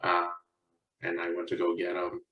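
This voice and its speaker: A man's voice: low-pitched, monotone, normal speed, lo-fi sound. A young man co-hosting a podcast, telling a story in casual chat, swearing often and mimicking his parents. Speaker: podcast co-host. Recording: echoey room, picked up from a distance.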